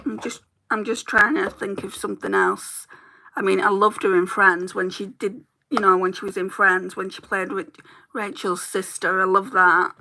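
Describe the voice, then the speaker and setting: A woman beauty vlogger talks casually as she does her makeup. She rambles from thought to thought and laughs easily. Her voice is bright and forceful, with a gravelly fry underneath. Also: mid-range voice, lively intonation, moderate pace, low-quality recording. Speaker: beauty YouTuber. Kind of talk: casual chat while doing makeup.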